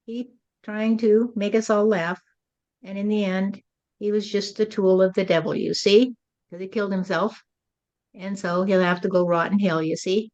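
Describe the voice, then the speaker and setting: A woman's voice: medium pitch, steady tone, normal speed, darkish tone, muffled recording. A woman acting as a spirit medium, relaying channeled messages in a musing way and often tagging her lines with "you see.".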